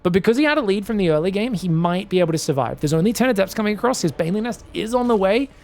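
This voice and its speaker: A man giving solo commentary on a strategy game match, excitable and chatty, bursting into shouted reactions and talking straight to his viewers. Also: high voice, very fast. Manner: chatty asides, addresses viewers as guys. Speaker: esports caster.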